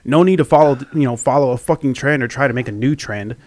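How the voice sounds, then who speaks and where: A man's voice: medium pitch, quick pace, a little mellow, no echo. Crude laughing young man, bro talk. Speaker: podcast co-host. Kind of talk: casual beer-tasting chat.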